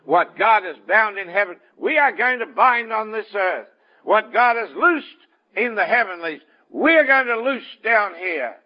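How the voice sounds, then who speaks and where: A man's voice: expressive, measured pace. A man preaching a sermon and telling a story, acting out the dialogue as he goes. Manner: storytelling, acts out dialogue with shifting pitch. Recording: dull lo-fi sound.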